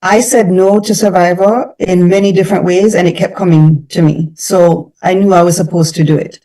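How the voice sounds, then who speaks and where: A Jamaican woman talks as a radio guest, thoughtful and measured, often restarting her sentences. Her voice is warm and mellow. It sounds a little distant from the microphone. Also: lowish voice, steady tone. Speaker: guest actress. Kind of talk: radio interview.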